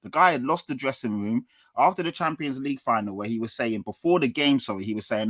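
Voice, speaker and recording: A man's voice: medium pitch, fast, fairly bright tone, no echo. A man co-hosting a casual football talk show, firm and emphatic, and he repeats words for stress. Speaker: football podcast co-host, Spurs fan.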